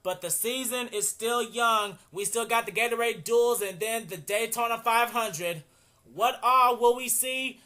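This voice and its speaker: A young man doing excited play-by-play commentary on a race, repeating "oh man" and running out of breath. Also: very high voice, unhurried. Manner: excitable, keeps saying "oh man".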